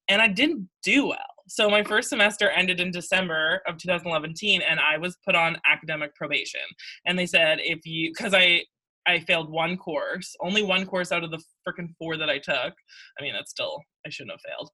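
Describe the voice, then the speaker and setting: A woman's voice: lowish voice, sharp tone. A young woman telling a long story in casual chat, rambling, saying "like" all the time and laughing often. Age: young adult.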